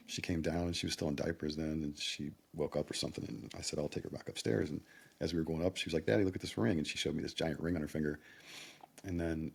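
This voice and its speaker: A middle-aged man telling personal stories in a rambling, excitable way, with laughs breaking into his phrases. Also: deep voice, creaky, breathy edge. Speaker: vlogger. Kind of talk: personal storytelling monologue.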